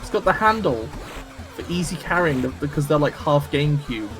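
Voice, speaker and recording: A man's voice: fairly high pitch, animated, moderate pace, fairly bright tone, faint music behind. A man streaming a game, chatting casually and teasing his partner, swearing freely. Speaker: streamer, host. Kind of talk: casual gameplay chat.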